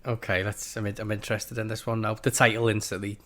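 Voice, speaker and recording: A man's voice: fairly low pitch, flat delivery, fast talker, fairly bright tone. A man with a slight cold, co-hosting a comedy podcast and reading a bad screenplay aloud, often breaking into laughter. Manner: reads with frequent laughter. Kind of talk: comedic script reading with put-on voices.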